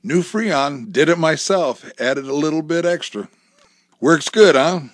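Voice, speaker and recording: A man's voice: a little high, a little slow, dry recording, clean studio sound, natural voice. A man reading a story aloud, voicing a jovial friend in his thirties who boasts cheerfully. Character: cheerful mischievous buddy, mid-thirties man.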